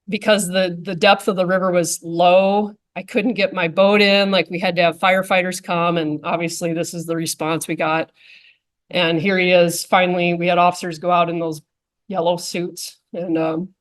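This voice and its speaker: A woman conservation officer telling a casual, anecdotal story to a club audience, with frequent fillers like "um" and "like". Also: lowish voice. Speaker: conservation officer giving a talk.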